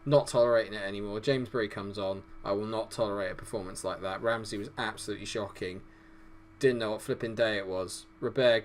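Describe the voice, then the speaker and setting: A young gaming YouTuber commentates casually on his own football management game, swearing freely as he cheers and groans at the action. His voice is lowish, fairly even in intonation, and brisk.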